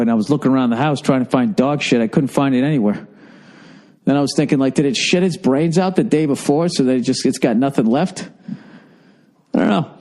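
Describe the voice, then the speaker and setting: Tired forties male podcast host, rambling profane monologue, warm low timbre. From United States. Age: 40s. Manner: rambling, profane storytelling with lively acted-out quotes. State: lethargic, tired. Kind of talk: solo comedic monologue.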